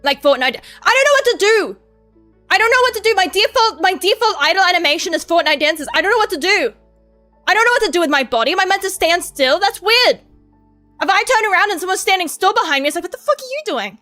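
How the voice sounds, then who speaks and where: High, bright-voiced rambling young woman. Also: fast talker, soft background music. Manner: rambling, profane, excitable storytelling with laughs. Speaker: VTuber streamer. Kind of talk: casual stream chat.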